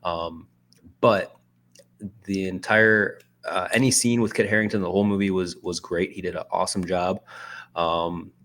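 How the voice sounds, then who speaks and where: Man, very low voice, podcast co-host, blunt, sarcastic, hesitant. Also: steady tone, moderate pace, a bit bright. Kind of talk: casual podcast chat.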